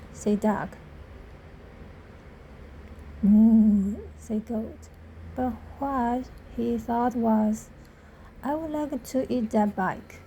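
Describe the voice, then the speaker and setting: A woman reading a children's picture book aloud, slow and deliberate, giving the animals little voices. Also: a little high, dark tone, a little hiss or hum. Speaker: storybook reader.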